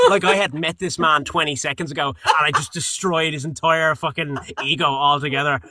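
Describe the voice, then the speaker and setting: A young Irish man, a voice actor being interviewed, telling stories in a lively way, acting out quotes and swearing casually. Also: on the high side, brisk, few pauses, no echo. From Ireland. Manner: animated storyteller, acts out quotes, swears casually. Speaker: guest voice actor.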